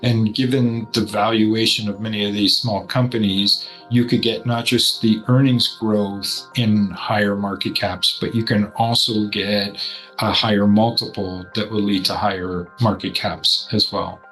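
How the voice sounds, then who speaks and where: A man speaking as a portfolio manager, walking through markets in a measured, explanatory way. His voice sits on the low side and stays fairly flat in pitch. Soft music plays faintly underneath. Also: low-quality recording. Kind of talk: investment commentary to camera.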